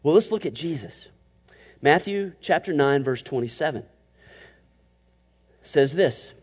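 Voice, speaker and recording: A man preaching a sermon as pastor, animated and emphatic, sometimes slipping into mocking voices to make a point. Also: a little high, a little slow, husky. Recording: muffled, long church reverb.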